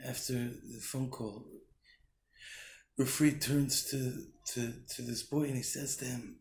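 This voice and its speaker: Brief: male rabbi, gravelly voice, earnest storyteller, roomy recording with faint hum behind. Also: mid-range voice, fairly even intonation, takes it slowly, darkish tone. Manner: earnest, restarts often. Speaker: rabbi giving a weekly Torah thought. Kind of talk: short spoken Torah talk with storytelling. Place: Jerusalem.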